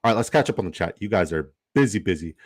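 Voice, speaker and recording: A man's voice: deep voice, expressive, fast. A man giving casual livestream commentary while drafting, reading the chat aloud and swearing casually. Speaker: fantasy football draft streamer.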